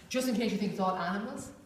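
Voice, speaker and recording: A woman leads a workshop group in a chatty, informal way, often saying "you know" and acting out little voices. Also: mid-range voice. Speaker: workshop facilitator. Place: large echoey room with a group. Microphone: distant room mic. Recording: echoey room, far from mic, faint hiss.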